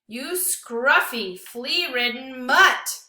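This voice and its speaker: A woman voicing a cruel, menacing grown man who shouts harshly. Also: mid-range voice, normal speed, reverberant. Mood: angry, shouting.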